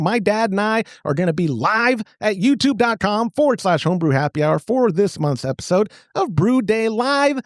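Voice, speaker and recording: A man's voice: on the high side, a little mellow, dry recording, clean studio sound. A man hosting a podcast, chatting in a jokey, rambling, self-mocking way over a video call. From Texas. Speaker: podcast host. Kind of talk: casual chat.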